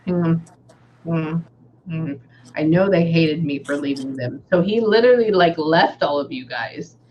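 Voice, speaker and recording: Chatty Texan woman medium. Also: low-pitched. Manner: chatty, relays messages, often pauses with "hang on". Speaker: psychic medium. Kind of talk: casual reading session. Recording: slightly dull audio with faint background noise.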